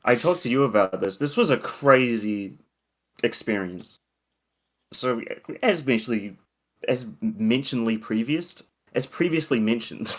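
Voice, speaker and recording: A man's voice: fairly low pitch, a bit bright. A young man co-hosting a podcast, telling a long story in a rambling, profane, casual way. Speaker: podcast co-host.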